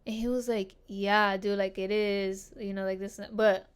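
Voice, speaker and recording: A woman's voice: medium pitch, little pitch movement, moderate pace, smooth. A young woman hosting a podcast, telling a story casually and bluntly, with lots of swearing and filler words. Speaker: podcast host.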